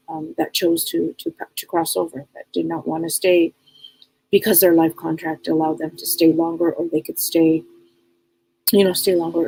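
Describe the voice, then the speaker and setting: Gravelly, husky woman talking earnestly. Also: medium pitch, mellow, poor audio. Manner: rambling, often repeats and restarts words. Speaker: psychic medium hosting a live stream. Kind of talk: casual spiritual talk on a live broadcast.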